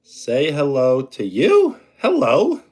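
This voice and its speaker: New York-accented streamer, male, unhurried delivery, rough-edged voice. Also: a little high, huge pitch swings, a little mellow. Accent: New York (Brooklyn / Long Island). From New York, USA. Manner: slow, unhurried, answers chat questions with dry humor. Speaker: live streamer. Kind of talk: casual live-stream chat, reading comments. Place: at home.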